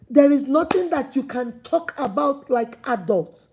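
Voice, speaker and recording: A woman relationship coach giving an animated, preachy vlog talk, speaking straight to her viewers as sister and brother and acting out quoted dialogue. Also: high-pitched, normal speed. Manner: acts out quoted dialogue in playful voices. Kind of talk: motivational vlog talk to camera.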